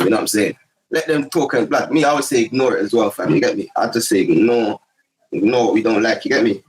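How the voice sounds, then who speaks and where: A man's voice: mid-range voice, low-quality recording. A young man with a London accent, chatting casually as a livestream host and rambling in heavy street slang. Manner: rambling, heavy street slang, keeps asking "you get me".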